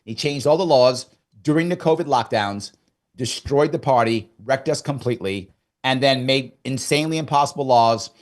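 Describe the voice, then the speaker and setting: A middle-aged man from New York talking as an interview guest. He tells his story in an animated way and slips into the voice of his own past thoughts. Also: medium pitch, normal speed. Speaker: guest, former governor candidate. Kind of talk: casual interview chat.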